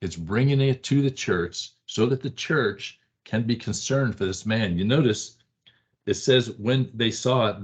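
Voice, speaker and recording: Speaking a little slowly in a low, slightly mellow voice with a breathy edge, this Bible study teacher keeps checking in with his class by asking "right?" He's conversational and emphatic, repeating short phrases, and the classroom audio is dull and lo-fi.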